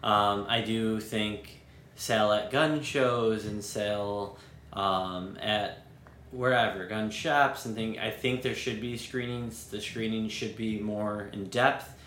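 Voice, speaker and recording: A man's voice: on the low side, fairly even intonation, slow, fairly bright tone, reverberant, a little hiss or hum. A man co-hosting a casual podcast, laid-back and matter-of-fact when he explains things. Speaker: podcast co-host.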